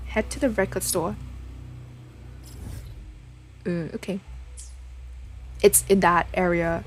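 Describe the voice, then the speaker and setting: A woman's voice: fairly low pitch, fairly even intonation, unhurried, long pauses, faint music behind. A woman streamer giving casual, hesitant commentary while playing a game, mumbling with many fillers.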